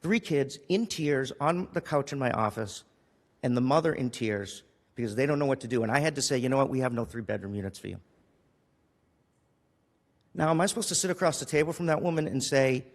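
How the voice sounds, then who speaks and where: A man's voice: mid-range voice, fairly quick, in a large hall. Emotional man pleading at a council meeting. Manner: emotional, pleading, with restarts and repetition. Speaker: city councilor. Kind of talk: impassioned council meeting speech. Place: council chamber.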